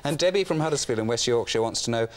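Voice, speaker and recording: A man's voice: mid-range voice, lively intonation. A man hosting a morning television chat show, reading out viewer questions and wrapping up the programme. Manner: brisk and friendly, reads viewer questions. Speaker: TV host.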